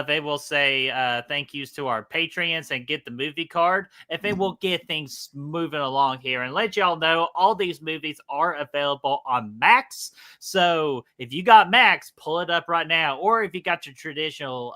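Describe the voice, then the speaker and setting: A man's voice: fairly high pitch, sharp tone. A man co-hosting a casual live stream, upbeat and chatty, greeting viewers by name. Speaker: co-host of a movie watch party stream.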